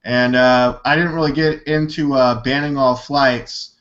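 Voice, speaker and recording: A man's voice: medium pitch, fairly even intonation, measured pace, a bit bright. A man hosting a live talk show in a laid-back, hesitant way with many fillers, heard over lo-fi call audio. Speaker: show host.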